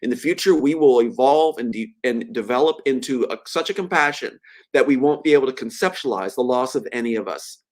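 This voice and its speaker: A man's voice: medium pitch, expressive, fairly quick. A man speaking as a guest on a live web show over a video call, earnest and heartfelt, choked up with emotion.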